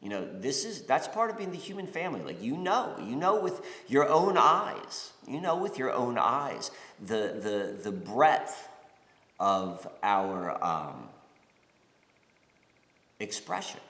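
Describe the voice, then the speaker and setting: A man's voice: medium pitch, sing-song, slow, a bit bright. A man from the United States giving a casual spiritual talk, rambling with many fillers, restarts and "you know"s. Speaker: spiritual podcast host. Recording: roomy reverberant space.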